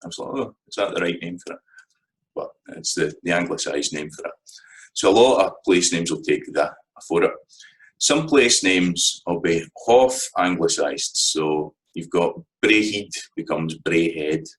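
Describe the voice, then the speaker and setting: A man with a Scottish accent giving a casual spoken lesson, chatty and thinking aloud with frequent pauses. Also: low voice, animated, fairly bright tone, poor audio. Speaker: language teacher.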